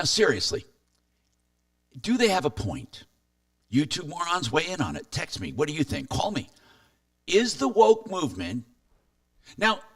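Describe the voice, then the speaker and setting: Animated talk radio host, man. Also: fairly high pitch, no echo, distant mic. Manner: animated, chatty, reads listener texts aloud. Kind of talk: casual talk radio chat.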